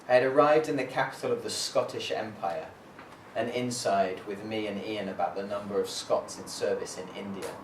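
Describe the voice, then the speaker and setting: A man introducing and reading a collaborative poem at a live reading, in a measured way with hesitant fillers. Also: on the low side, noisy background. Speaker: performing poet. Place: library reading room. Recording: echoey room, voice from far off.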